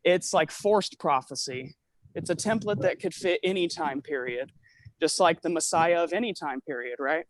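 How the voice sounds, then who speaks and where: A man's voice: on the high side, moderate pace. A man talking casually on a call, rambling with lots of fillers and restarts, a little out of breath from walking. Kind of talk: casual conspiracy chat.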